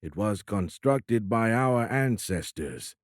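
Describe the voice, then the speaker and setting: Calm alien admiral from a man in an audiobook; low, stiff, deliberate. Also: no room sound, clean studio sound. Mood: courteous. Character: formal, courteous alien male admiral.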